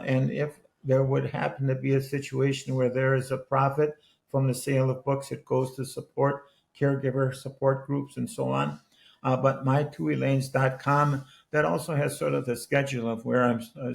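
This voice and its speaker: Gravelly older man in his eighties. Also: mid-range voice, darkish tone. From Wisconsin. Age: 80s. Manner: earnest, restarts sentences, loose storytelling. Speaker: guest, author and former politician. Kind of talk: conversational podcast interview with anecdotes.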